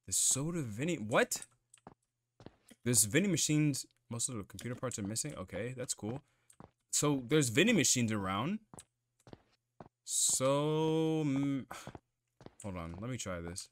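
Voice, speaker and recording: Lively, cursing man gaming. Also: mid-range voice, normal speed. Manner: profane, jumpy self-talk while playing. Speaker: gamer playing a horror game. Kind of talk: let's play commentary.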